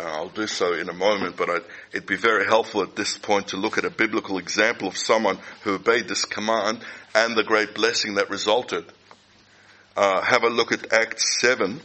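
A middle-aged man preaching a sermon, speaking deliberately and repeating key phrases for emphasis. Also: fairly low pitch, sharp tone, low-quality recording.

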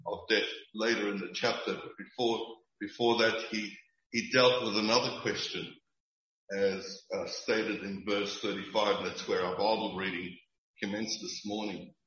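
A man preaching a sermon in an earnest, emphatic and measured way, with occasional restarts. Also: fairly low pitch, steady tone, fairly bright tone, roomy sound, highs cut off. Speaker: pastor.

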